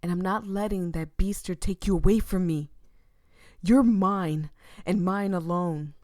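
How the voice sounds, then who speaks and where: A man's voice: high voice, expressive, normal speed, warm tone, no room sound, clean studio sound. A woman reading as a possessive, obsessive young man.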